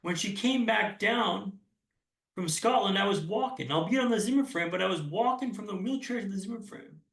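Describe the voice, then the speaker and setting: A man's voice: high-pitched, moderate pace, gravelly, a bit bright. A young man giving an earnest motivational keynote talk, telling personal stories and often restarting his phrases. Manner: earnest storytelling with frequent restarts. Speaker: keynote speaker. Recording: roomy sound from a distance.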